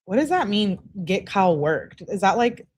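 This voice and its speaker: A woman's voice: mid-range voice, sing-song, moderate pace, a little mellow, breathy edge. A woman hosting a true crime channel, reading text messages aloud to her viewers and adding casual, chatty commentary.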